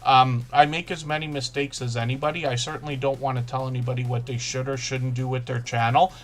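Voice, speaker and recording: A man hosting a live stream, talking fast and casually, often restarting his sentences as he greets viewers. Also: medium pitch, level tone, soft background music. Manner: fast-talking, self-correcting, chatty. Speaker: livestream host.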